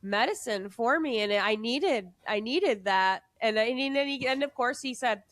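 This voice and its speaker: Higher-voiced woman host, dry close mic. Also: no room sound. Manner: excitable, rapid storytelling with voices. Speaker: podcast host. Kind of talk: casual conversation.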